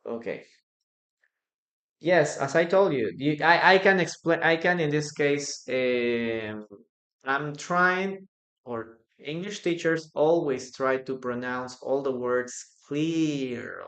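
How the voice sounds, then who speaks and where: A native Spanish-speaking man teaches English at a very slow, deliberate pace, repeating each example sentence with extra emphasis. His voice sits a little high for a man and echoes around the room he records in. He sounds like a patient teacher drilling a class. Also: fairly bright tone. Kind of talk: live online English lesson.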